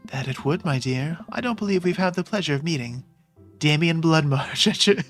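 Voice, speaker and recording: A man doing a pompous goth gentleman. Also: on the high side, expressive, fairly quick, faint music behind, voice pushed up, close to an everyday voice. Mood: gallant. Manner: pompous, elaborately polite. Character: formal, courteous male goth gentleman dad. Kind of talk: video game voice acting, read aloud.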